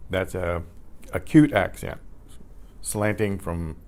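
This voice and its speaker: Older man, slow deliberate delivery and a lowish voice, teaching beginners patiently and repeating each word. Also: lively intonation, darkish tone. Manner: patient, repeats each word several times with clear emphasis. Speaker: Spanish teacher. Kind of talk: slow beginner language lesson. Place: community center class for seniors.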